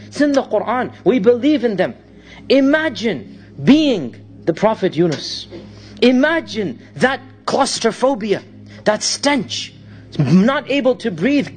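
A man preaching a sermon, telling a story dramatically and reciting Arabic verses between his English lines. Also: sits high.

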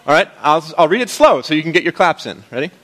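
A man's voice: on the high side, sing-song, fast, a bit bright. A man as pastor, preaching to his congregation in a conversational, playful way. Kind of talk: sermon.

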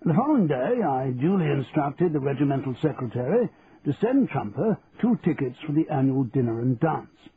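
A man's voice: mid-range voice, very animated, a crowd in the background. Old army colonel musing away , man reading him, phone-thin sound. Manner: reflective, measured. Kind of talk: first-person narration. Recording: tinny phone-like line, faint hiss.

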